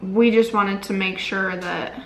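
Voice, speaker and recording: Casual vlog co-host: a chatty woman with a gravelly voice, roomy sound with faint noise. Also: medium pitch, steady tone, a little slow. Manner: chatty, earnest, trailing off with fillers. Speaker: co-host of a couple's channel. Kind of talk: casual chat to camera.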